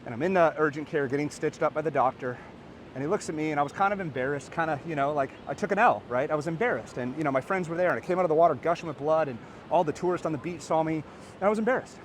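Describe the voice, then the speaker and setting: A man in his thirties, a podcast host and coach, giving an energetic, earnest motivational talk to camera outdoors by a beach. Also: a little high, fast, a little hiss or hum. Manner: energetic, animated and earnest, rising to excited peaks.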